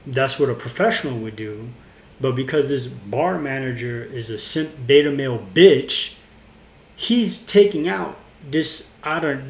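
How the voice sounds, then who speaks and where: A man telling a personal story in a casual, rambling way, indignant, with many restarts and fillers. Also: medium pitch. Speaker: vlogger. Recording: roomy with faint ambience.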